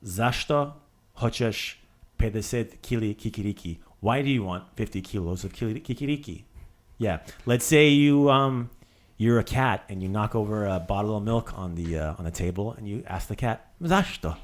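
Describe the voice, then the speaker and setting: A man's voice: on the low side, moderate pace. A man hosting a casual language lesson, drilling words with playful asides. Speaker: language teacher.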